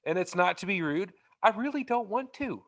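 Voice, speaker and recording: A man's voice: high-pitched, animated, normal speed, fairly bright tone. A man co-hosting a podcast, blunt and opinionated, often stammering as he restarts. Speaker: podcast co-host. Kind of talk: casual chat.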